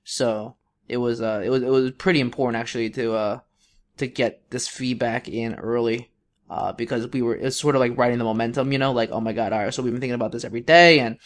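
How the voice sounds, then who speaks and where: A man's voice: mid-range voice, fairly even intonation, quick pace. A young man co-hosting a podcast, telling a long story in a casual, rambling way with many fillers and restarts. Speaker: podcast co-host.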